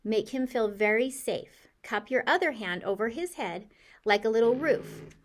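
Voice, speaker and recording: A woman's voice: fairly high pitch, normal speed, a little hiss or hum, natural voice. A woman doing a patient schoolteacher. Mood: gentle.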